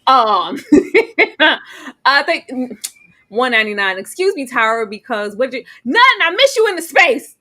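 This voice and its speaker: A woman co-hosting a casual livestream, reading out super chats in an animated, playful way with frequent laughter and teasing asides. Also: high-pitched, a little slow. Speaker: co-host of an anniversary livestream.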